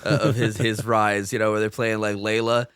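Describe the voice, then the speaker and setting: Podcast guy cracking jokes, smooth clear voice, dry sound. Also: on the low side, little pitch movement, moderate pace, a bit bright, no echo. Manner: jokey, wisecracking with pop-culture asides. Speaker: podcast co-host. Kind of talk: casual podcast chat.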